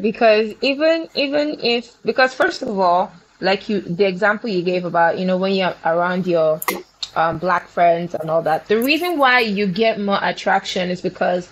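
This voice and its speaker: A woman's voice: mid-range voice, low-quality recording. A woman from Nigeria, co-hosting a casual chat and explaining her view at length, with many restarts. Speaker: co-host.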